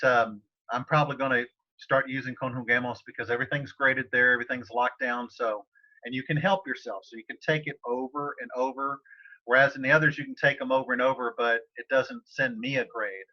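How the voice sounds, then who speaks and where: A man's voice: medium pitch, steady tone, brisk. A man teaching a Spanish class over a video call, talking casually with many fillers and restarts. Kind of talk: casual online tutoring session. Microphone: computer mic on a video call. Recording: slightly dull video-call audio.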